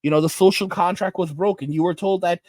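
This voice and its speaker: A man with a somewhat high voice delivers a ranting commentary, lecturing and exasperated, circling back over his words. The sound is dry and close, with no room around it. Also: steady tone, fast, a little mellow, no echo. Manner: exasperated, lecturing, repetitive restarts. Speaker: commentary channel host.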